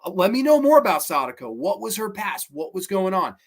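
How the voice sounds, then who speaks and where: A man's voice: sits high, very animated, a little fast. A man hosting a horror movie review show, talking through a film plot in a chatty, opinionated way, with lots of fillers and the odd swear word. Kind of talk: casual film review monologue.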